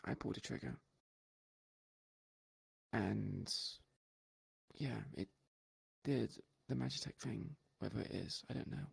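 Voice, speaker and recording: Gravelly, husky man, dryly sarcastic. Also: on the low side, a little slow, pauses often, darkish tone, no room sound. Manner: blunt, dry, sarcastic, swears casually. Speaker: roleplay player. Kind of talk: in-character roleplay chat.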